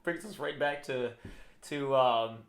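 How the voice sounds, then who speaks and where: In an echoey room, a podcast co-host with a gravelly, medium-pitched voice chats casually at a slow pace. He rambles and often restarts his sentences, getting animated when he laughs.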